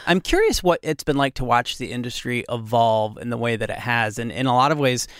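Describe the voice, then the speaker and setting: Lively-voiced American interview host. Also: female voice, extremely low pitch, brisk, dry recording, clean studio sound. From San Jose area, US. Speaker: podcast host. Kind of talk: casual interview chat.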